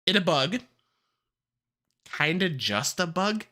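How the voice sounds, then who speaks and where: A streamer in casual livestream chat swears heavily and gets excitable, ranting before breaking into laughs. The voice is bright and sharp, its pitch jumping wildly, while the delivery remains slow and drawn out even when heated.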